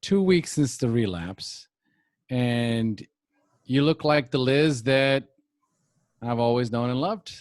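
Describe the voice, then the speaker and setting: A man hosting a recovery podcast, speaking slowly and earnestly as he reflects. His voice is mid-pitched and sounds dry and close to the mic, with no room around it. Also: lively intonation, darkish tone, dry recording. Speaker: podcast host.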